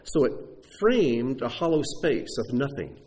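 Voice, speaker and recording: Man, preacher, sermon, animated teaching, very lively pitch. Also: measured pace. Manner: animated teaching delivery, spelling out Hebrew words.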